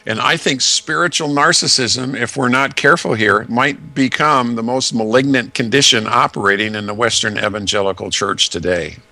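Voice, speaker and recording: Man, bright tone, dry close sound, earnest teaching, rhetorical lists. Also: medium pitch, normal speed, hardly any pauses, no room sound. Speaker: Bible teacher guest. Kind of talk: conversational Bible teaching.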